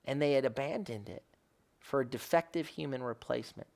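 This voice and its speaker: A man's voice: medium pitch, fairly quick, vocal fry, a little mellow. A man as a rabbi giving an earnest devotional Bible teaching, rising to emphatic questions and often correcting himself mid-phrase.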